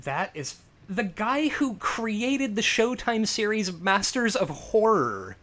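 A man with a fairly high, very lively voice rants about a film in casual, profane podcast chat. He tells the story with big, animated energy and keeps breaking into laughs. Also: slow pace. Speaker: podcast co-host.

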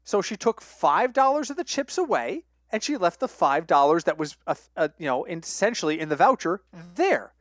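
A young man co-hosting a casual sports betting podcast, telling stories with lively acted-out quotes and frequent laughter. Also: high voice, moderate pace, few pauses, dry recording. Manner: animated storyteller, acts out quoted voices, laughs often. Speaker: podcast co-host.

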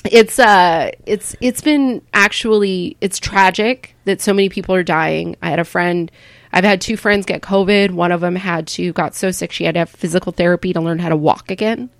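A woman's voice: lowish voice, fairly even intonation, normal speed, dry recording. Woman comic guest, candid and rambly, dry close sound. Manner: frank and rambling, acts out quoted voices; swears casually. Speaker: stand-up comedian, guest. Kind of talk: candid conversational interview.

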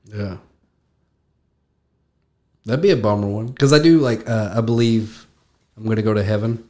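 A man's voice: on the low side, fairly even intonation, moderate pace, mellow. A young adult man hosting a podcast, chatting casually and joking with a friend, often laughing. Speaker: podcast host. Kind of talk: casual chat.

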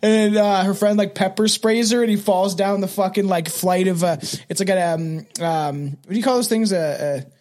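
A man's voice: sits high, steady tone, normal speed, few pauses, a little mellow. A young man co-hosting a true-crime podcast, talking casually with lots of fillers and swearing, and stumbling a little when reading from notes. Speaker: podcast co-host leading the episode.

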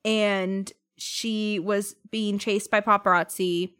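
A woman's voice: mid-range voice, steady tone, slow, fairly bright tone, smooth. A woman co-hosting a podcast, chatting casually about a book she read, laughing often and acting out quotes. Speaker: podcast co-host.

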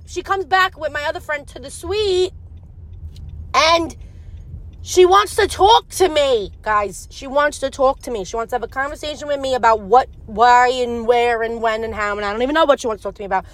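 A young woman with a high, bright-sounding voice spills a personal story in a casual, rambling rush. She talks with animated energy, sprinkling in plenty of swearing as she goes.

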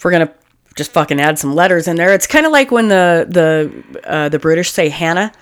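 Profane, lively woman podcast co-host. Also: on the low side, brisk, smooth. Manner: profane, jokey, bursts into silly put-on accents. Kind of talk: casual true-crime chat.

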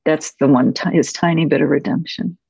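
A woman screenwriter reflecting on a film shoot, speaking softly and haltingly, with many pauses and restarts. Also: sits low, fairly even intonation, gravelly, breathy edge, no room sound. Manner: soft-spoken, halting, with frequent pauses and restarts. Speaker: screenwriter guest. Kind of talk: reflective anecdotal storytelling. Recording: dull, muffled audio.

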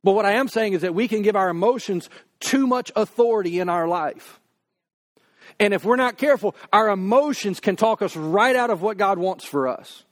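Pastor, male, high voice, casual preaching manner that slows right down for quoted prayers. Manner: conversational preaching, acts out quoted prayers slowly. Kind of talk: sermon.

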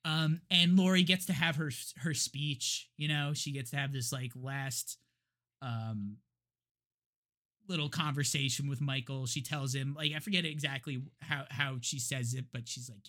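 A man's voice: a little high, unhurried, fairly bright tone. A man co-hosting a podcast, retelling a movie's plot in casual chat with lots of restarts and laughs. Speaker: podcast co-host.

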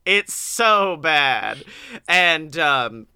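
A man co-hosting a podcast, chatting in an animated, joking way with some profanity. His voice is slightly high, bright and clean, recorded dry. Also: extremely slow, clear, resonant tone, no room sound. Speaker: podcast co-host. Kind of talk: casual chat.

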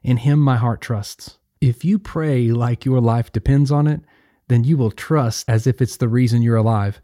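Male pastor, very dark warm tone, dry close recording, earnest devotional podcast host. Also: medium pitch, moderate pace, no echo.

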